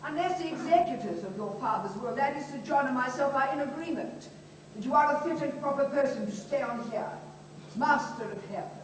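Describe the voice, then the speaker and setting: Woman as a haughty duchess, high clipped voice, stage musical, echoey faraway theatre. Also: lively intonation, a little fast. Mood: stern. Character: stern aristocratic aunt, a duchess. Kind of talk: live stage musical dialogue. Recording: echoey theatre from far off, noisy.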